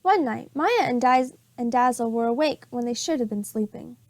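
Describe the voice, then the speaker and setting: A preschool teacher, a woman, reading storybooks aloud to young children in a clear, expressive way. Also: a little high, normal speed, rough recording.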